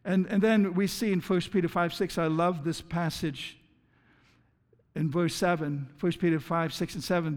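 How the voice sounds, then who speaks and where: High-voiced pastor preaching in a reverberant church. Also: male voice, steady tone, normal speed. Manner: earnest, stumbles and repeats words. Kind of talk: sermon.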